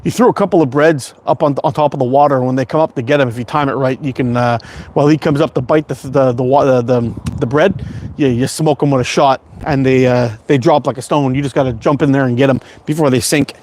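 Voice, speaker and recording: A man's voice: mid-range voice, fairly even intonation, quick pace, darkish tone. A middle-aged man from Canada rambling through a casual livestream chat, swearing freely and laughing often. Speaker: slingshot livestream host.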